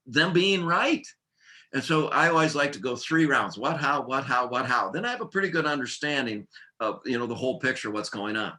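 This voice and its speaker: A man leads a workplace training seminar in a bright, forceful voice at an ordinary middle pitch. He keeps things lively with jokes and drives his points home in short, punchy lists. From United States.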